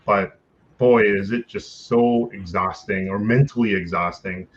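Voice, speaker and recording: Low-voiced man, hesitant, on a dull lo-fi line. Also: a little slow. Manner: hesitant, many fillers and restarts, laughs often. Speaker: interview guest, content creator. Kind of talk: casual interview answers.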